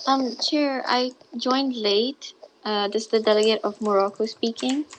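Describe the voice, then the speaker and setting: A woman's voice: fairly high pitch, steady tone, measured pace. Polite woman delegate on a noisy call. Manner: hesitant, polite, with fillers. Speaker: conference delegate. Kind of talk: speaking up on a video call.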